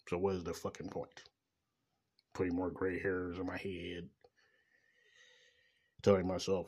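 A middle-aged man with a very low, husky voice rants in a rambling personal monologue. His talk is bitter and laced with profanity. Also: monotone, measured pace, pauses often, a little mellow. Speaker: father venting about child support.

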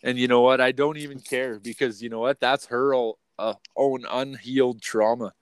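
A man's voice: mid-range voice, fairly even intonation, normal speed, smooth, no room sound. Profane, rambling male podcast host. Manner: profane, rambling, swings between loud and quiet. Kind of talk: unfiltered casual rant.

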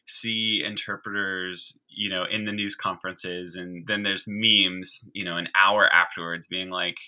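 Brief: male podcast guest, lower register with a sharp bright edge, eager teacherly explainer. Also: little pitch movement, measured pace, poor audio. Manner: enthusiastic, chatty explainer. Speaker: guest, sign language teacher. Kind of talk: conversational explaining.

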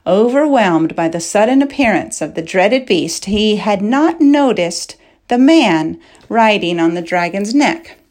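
Measured woman audiobook narrator. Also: mid-range voice, animated, a little mellow. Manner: measured, dramatic storytelling. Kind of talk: scripted narration.

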